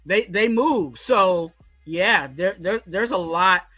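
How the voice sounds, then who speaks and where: A man in casual sports talk, excited and repeating "you know what I'm saying" as he breaks down his team's offense. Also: high-pitched, slow pace, soft background music. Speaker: podcast co-host.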